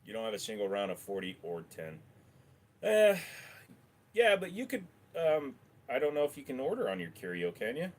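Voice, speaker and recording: A man's voice: fairly low pitch, big pitch swings, a little fast. Rambling man hosting a livestream. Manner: rambling, offhand, swears freely. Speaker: livestream host. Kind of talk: casual livestream chat answering viewers. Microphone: desk microphone.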